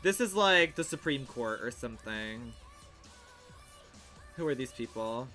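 A young man livestreaming and commenting casually on a game he is playing, in a sassy, theatrical way that swings into outraged shouts. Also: mid-range voice, lively intonation, measured pace, faint music behind.

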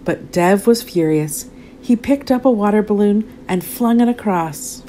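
A woman narrating a children's storybook aloud in an expressive, animated way. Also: medium pitch, unhurried, slight background noise.

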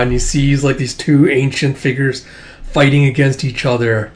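A man casually reads a comic aloud in a mid-range, flat voice at normal speed. He reads and reviews comics, and here he rambles through the book with plenty of fillers and the occasional swear word.

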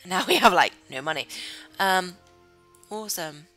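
A woman chatting excitably through Let's Play commentary, giggling often. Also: on the low side, measured pace, soft background music, rough recording. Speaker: gamer host.

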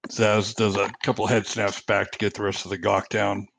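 A man playing a tabletop role-play game, switching between narrating his character and speaking as him in a halting way. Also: fairly low pitch, little pitch movement, creaky, a bit bright, a little hiss or hum. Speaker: player.

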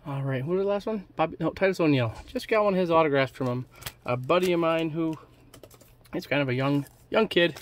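A man's voice: on the high side, a little fast, a little hiss or hum. A middle-aged man giving casual, joking running commentary while opening trading card packs. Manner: chatty, offhand running commentary with jokes. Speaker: card collecting YouTuber.

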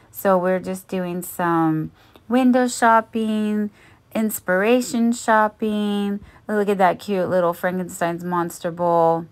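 A woman narrating a shopping haul as a vlogger, chatty and gentle, cooing over cute finds. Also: fairly low pitch.

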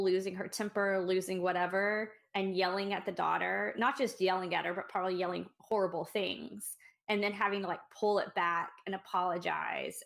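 A woman's voice: mid-range voice, vocal fry, a bit bright. A woman co-hosting a podcast, discussing a short story in a reflective way and thinking aloud with restarts. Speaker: podcast co-host. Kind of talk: casual book discussion.

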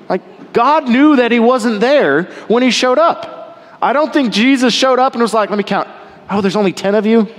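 Male pastor, high voice, slow deliberate delivery, animated sermon swinging between loud and hushed. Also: in a large hall. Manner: animated, rising and falling between loud emphasis and quiet softness.

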